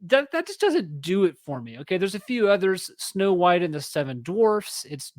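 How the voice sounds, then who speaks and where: A man's voice: high-pitched, sing-song, normal speed, no echo. A man in his thirties hosting a solo podcast, reading an article aloud with chatty, self-correcting asides. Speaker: podcast host.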